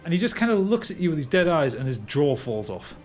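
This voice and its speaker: A man's voice: fairly high pitch, big pitch swings, brisk, darkish tone, soft background music. A man narrating as dungeon master, stumbling and repeating words as he describes the action. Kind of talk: narrating a tabletop game.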